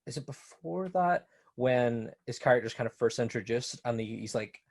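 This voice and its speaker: A man's voice: mid-range voice, lively intonation, moderate pace. A Northern Irish man co-hosting a casual horror film chat, laughing often as he recounts scenes. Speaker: podcast co-host.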